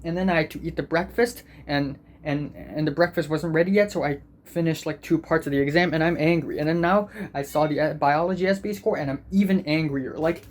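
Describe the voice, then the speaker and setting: A man's voice: a little high, fairly quick, few pauses. A teenage boy vlogging as a student, venting in an angry, profane and self-deprecating way. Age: teens. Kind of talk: ranting vlog.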